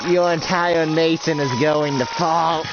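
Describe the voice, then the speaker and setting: A man voicing a gloating, flying villain warlord who shouts slow, drawn-out threats, over dull lo-fi audio with music behind. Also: a little high, flat delivery, voice pushed up, lightly acted.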